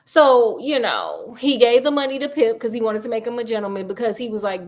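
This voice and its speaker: A woman's voice: on the high side, big pitch swings, a little fast, hardly any pauses. A woman host retelling a classic novel in casual chat, slangy and joking, with plenty of asides. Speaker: storyteller host.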